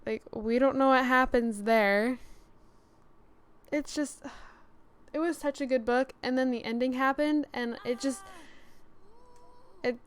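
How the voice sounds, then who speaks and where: A woman's voice: high-pitched, fairly even intonation, takes it slowly, pauses often, clear, resonant tone, no echo. A young woman chatting casually over a life-sim game, rambling and scatterbrained, talking to herself as she plays. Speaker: let's-play gamer. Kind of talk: casual gameplay commentary.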